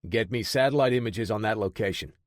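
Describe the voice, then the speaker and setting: A stern male intelligence director barks brisk instructions to his technicians, voiced by a male narrator. He sounds firm and in charge. The recording is dry and close. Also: on the low side, no echo, lightly acted. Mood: commanding. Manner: brisk, commanding.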